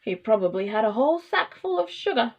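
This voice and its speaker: Animated woman reading a children's story. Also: fairly high pitch, brisk, highs cut off. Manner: animated, playful, asks the listener questions. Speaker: storytime reader.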